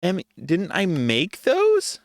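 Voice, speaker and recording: A young man thinks out loud while playing, exasperated and joking with himself as he works things out. His pitch leaps around constantly. The sound is dry and close, with no room behind it. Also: wildly swooping pitch, slow pace, no echo. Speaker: gaming video creator. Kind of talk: casual gameplay commentary.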